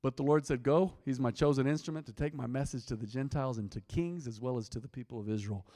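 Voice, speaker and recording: A man's voice: mid-range voice, quick pace, warm tone. A man preaching an interactive sermon, reading scripture aloud and teasing and quizzing his congregation. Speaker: pastor. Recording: long hall reverb.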